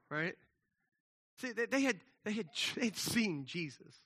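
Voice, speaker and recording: A man preaching a sermon, casual and conversational, with slang, moving between lively emphasis and hushed, soft passages. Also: very high-pitched, normal speed. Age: adult with children. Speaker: pastor.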